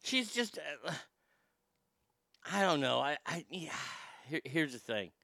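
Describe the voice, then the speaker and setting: A man's voice: on the high side, very animated, slow pace, creaky, pushed and bright, no echo. A man hosting a comedy show, delivering a crude, rambling monologue. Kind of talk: stand-up style comic monologue.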